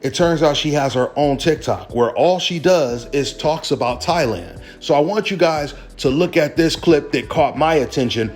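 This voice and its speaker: A man's voice: on the high side, normal speed, hardly any pauses. A man casually telling viewers a personal story in a chatty, conversational way. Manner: chatty, conversational, says "right?" often. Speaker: channel host.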